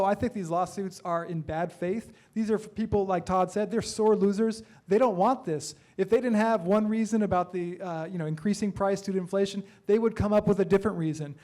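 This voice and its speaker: A man's voice: sits high, a little mellow. A man, a council candidate, answering eagerly at a forum, often stumbling and restarting his sentences.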